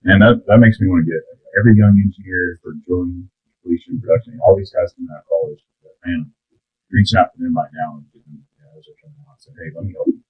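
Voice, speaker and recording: A man's voice: low-pitched, big pitch swings, fast, slightly rough. A man hosting a podcast, asking his guests questions eagerly in a casual interview. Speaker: podcast host. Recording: tinny phone-like sound.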